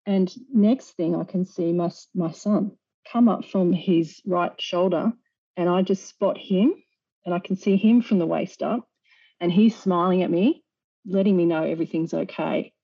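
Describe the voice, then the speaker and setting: With a mellow, soft-edged, lowish voice at a normal pace, a woman earnestly describes something she went through as a guest. She often restarts sentences and lets out small nervous laughs. The audio sounds dull and lo-fi.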